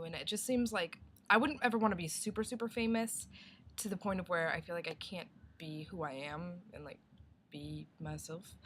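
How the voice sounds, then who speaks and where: A young woman talks through a casual video response, rambling from one thought to the next and using lots of "like"s. Her voice sits a little low for a woman. A faint hiss runs under the recording. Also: a bit bright. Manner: rambling, heavy use of "like", thinking aloud. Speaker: vlogger.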